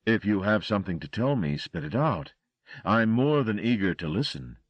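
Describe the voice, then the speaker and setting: A man reading an audiobook voices a politely menacing European male stranger who speaks slowly and courteously. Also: on the low side, big pitch swings, slightly rough, no echo, dull audio, pitched above the performer's own voice. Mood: calm pressing. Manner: slow, courteous, measured.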